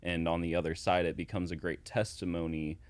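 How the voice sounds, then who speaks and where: Male guest, very low voice, dry close mic, measured reflective delivery. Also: level tone, no room sound. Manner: measured, thoughtful, with fillers. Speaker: guest, father. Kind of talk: casual podcast conversation.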